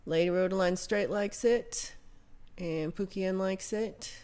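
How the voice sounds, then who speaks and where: A woman's voice: mid-range voice, measured pace, a little mellow, smooth. An American woman hosting a livestream, chatting casually and reading viewer comments aloud in a rambling way, with casual swearing. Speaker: livestream host.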